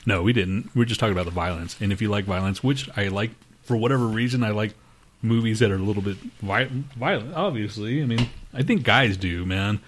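A man's voice: lowish voice, a little fast, slight background noise. A man hosting a podcast in casual chat, crude and joking, swearing often and laughing a lot. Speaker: podcast host.

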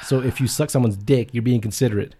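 Male co-host, quick delivery, mellow tone, teasing. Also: medium pitch, fairly even intonation, breathy edge. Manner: teasing, quick crude jokes. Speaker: podcast co-host. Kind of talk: casual chat, teasing interjections.

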